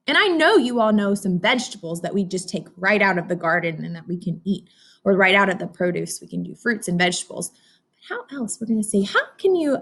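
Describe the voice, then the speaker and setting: A woman's voice: medium pitch, breathy edge. A woman teacher giving a read-aloud phonics lesson to young children, encouraging them and talking to them as if they could answer. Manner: sing-song, encouraging, talks to kids as if they can answer.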